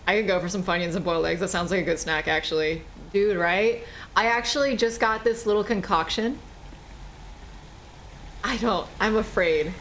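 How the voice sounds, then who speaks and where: A woman's voice: medium pitch, moderate pace, fairly bright tone, a little hiss or hum, rough recording. A woman streamer giving casual gameplay commentary, playful and teasing, swearing freely and talking back to the game's characters. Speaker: game streamer.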